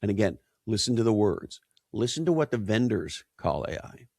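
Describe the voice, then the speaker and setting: A man's voice: lowish voice, big pitch swings, moderate pace, creaky, a little mellow, no room sound, studio quality. A man speaking as an interview guest, emphatic and punchy, tossing out rhetorical questions. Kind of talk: conversational interview.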